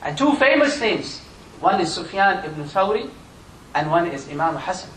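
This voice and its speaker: A man giving an impassioned Friday sermon as imam, his voice surging high and loud on key points. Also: very animated, normal speed, a little hiss or hum. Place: mosque prayer hall. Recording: echoey room miked from a distance.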